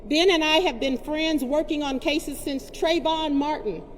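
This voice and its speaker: A woman's voice: high-pitched, measured pace, long reverb tail, slight background noise. A woman giving an impassioned protest speech, telling a story to a crowd. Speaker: rally speaker.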